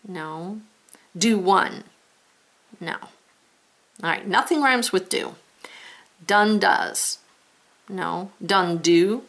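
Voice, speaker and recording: A woman's voice: medium pitch, vocal fry, fairly bright tone. A woman teacher giving a patient spelling lesson to young children, sounding words out and reading along with them. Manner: slow, patient, reads along with pupils.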